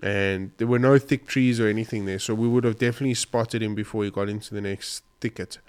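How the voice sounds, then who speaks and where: Guy vlogging a hunt story, lowish smooth voice, all emotional and sniffly, keeps restarting. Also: fairly even intonation, fast, a little mellow. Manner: emotional, rambling retelling with restarts. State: choked up, sniffly. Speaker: hunting vlogger. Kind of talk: casual storytelling to camera.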